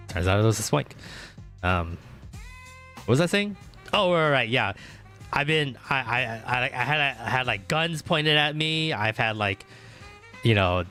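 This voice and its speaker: A male streamer with a bright, sharp voice chats loosely while he plays, piling up fillers and restarts and swearing freely. Every so often he breaks into loud, excited outbursts. Faint music plays underneath. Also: mid-range voice. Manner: bursts into loud excited exclamations. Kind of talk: casual livestream chat while gaming.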